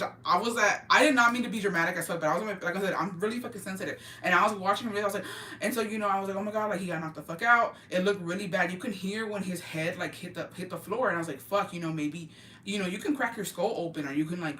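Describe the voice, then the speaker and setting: Her low voice pushed and bright, a woman vlogger sits back from the mic in a roomy, echoing room, gossiping to viewers in loose, profane, emphatic storytelling that slips Spanish phrases into her English. A faint ambient hum sits underneath.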